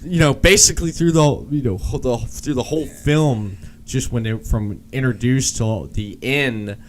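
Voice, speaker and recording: A man's voice: mid-range voice, normal speed. A man co-hosting a casual film podcast, chatting loosely and acting out bits of dialogue. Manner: laughs often, acts out characters' lines. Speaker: podcast co-host.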